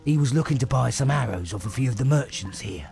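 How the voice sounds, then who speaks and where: A man voicing a gravelly fantasy innkeeper. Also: medium pitch, expressive, fast, darkish tone, faint music behind. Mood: matter-of-fact. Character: gruff male innkeeper, plain-spoken gossip. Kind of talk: game character dialogue.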